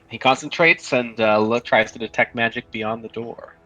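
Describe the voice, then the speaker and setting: A man's voice: mid-range voice, normal speed, sharp tone. A man playing a tabletop role-playing game in casual chat. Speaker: player. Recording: dull lo-fi mic.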